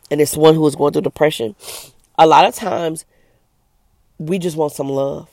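A woman's voice: low voice, vocal fry, a little mellow, dry recording, clean studio sound. A middle-aged woman who is an evangelist, giving an earnest, emphatic personal testimony straight to camera.

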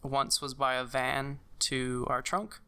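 A young man telling a personal story in casual conversation, halting, with many fillers and restarts. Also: mid-range voice, level tone, bright, forceful tone, clean tone. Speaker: guest sharing a personal story.

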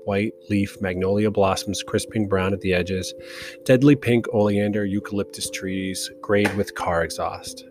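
A man reads a novel aloud as a narrator, in a slow, measured style. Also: lowish voice. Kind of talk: audiobook narration. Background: soft guitar music.

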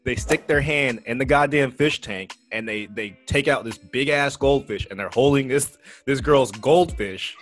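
A man's voice: medium pitch, normal speed, soft background music. Young man telling a wild party story. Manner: animated, profane, laughing through a party story. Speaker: podcast co-host. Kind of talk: casual storytelling.

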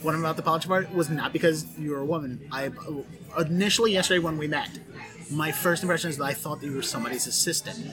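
A man's voice: a little high, racing, crowd noise, low-quality recording. A man hosting a podcast interview, jokey, rambling and self-deprecating. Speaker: podcast host. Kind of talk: casual interview chat.

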